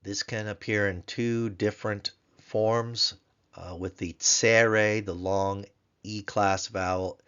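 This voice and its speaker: A man teaching a grammar lesson in a recorded tutorial, explaining slowly and repeating words so learners can pronounce them. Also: fairly low pitch, steady tone, a bit bright, smooth, dull audio. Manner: slow, careful, repeats Hebrew words to drill pronunciation.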